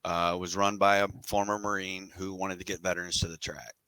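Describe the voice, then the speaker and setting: A middle-aged man with a fairly low voice tells a long story as a podcast guest. He talks candidly and loosely, drifting into side remarks and casual slang. The sound is dry and close, with no room around it. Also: little pitch movement, fairly quick, bright, forceful tone, smooth, no echo, poor audio.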